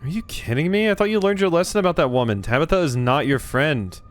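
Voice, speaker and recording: A man voicing a jittery, anxious young woman in a game, panicky and high-strung. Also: brisk, a bit bright, clean tone, natural voice. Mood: exasperated.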